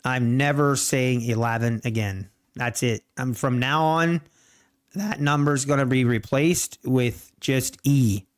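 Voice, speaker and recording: Slow, rambling man streaming trades. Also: medium pitch. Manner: slow, rambling, self-correcting; playfully defensive with chat. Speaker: livestream trading host. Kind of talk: casual livestream chat.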